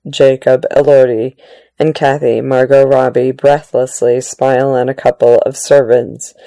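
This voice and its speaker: Woman narrator, deep dark tone, steady article reading, dry booth sound. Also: dry recording. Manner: measured, plain reading with occasional restarts. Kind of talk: article read-aloud narration.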